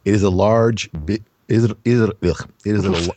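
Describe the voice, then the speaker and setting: A man's voice: lowish voice, moderate pace, warm tone, slight background noise. A man reading a bad script aloud to a group, stumbling over words and correcting himself. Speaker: reader in a group reading game.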